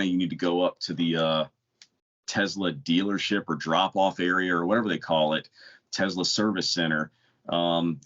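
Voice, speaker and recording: A man's voice: deep voice, fairly even intonation, normal speed, fairly bright tone. A man, co-hosting a casual podcast. He tells stories bluntly and keeps restarting his sentences. The audio sounds dull and lo-fi. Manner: storytelling, blunt, rambling with restarts. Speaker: podcast co-host. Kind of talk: casual chat.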